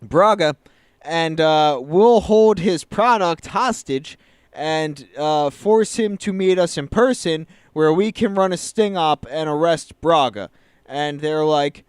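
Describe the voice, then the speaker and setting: Clear-voiced man recapping a film. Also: fairly high pitch, no room sound, studio quality. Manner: retells the plot in quick quoted voices, loose and joking. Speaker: podcast co-host recapping a film. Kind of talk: casual chat.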